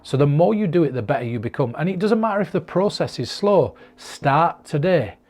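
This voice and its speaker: A man's voice: fairly high pitch, animated, a little fast, darkish tone. A man from the north of England talking straight to his own camera, giving earnest, encouraging advice to the viewer. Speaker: mentalist giving performance advice. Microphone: camera recording himself.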